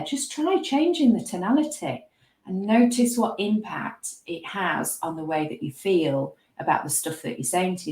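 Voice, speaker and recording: A woman, a guest, chatting casually and telling stories with lively, self-mocking humour. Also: mid-range voice, echoey room. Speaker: guest speaker. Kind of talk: casual conversational chat.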